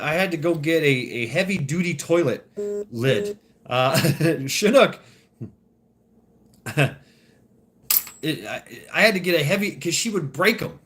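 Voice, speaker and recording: A man rambles through a crude, profane story in casual vlog style. His voice sits a little higher than most men's, and he keeps breaking into laughs between his restarts. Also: fairly bright tone. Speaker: vlogger.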